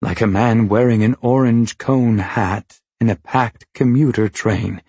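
A man voicing a timid bearded male metaphor creature who speaks in a husky, formal, old-fashioned way and begs. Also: mid-range voice, a little slow, mellow, no room sound. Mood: humble. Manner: archaic, pleading formal speech.

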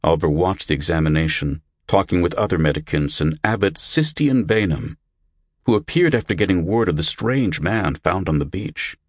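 A man narrating a story as an audiobook in an expressive storytelling manner. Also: deep voice, normal speed, dry recording, clean studio sound.

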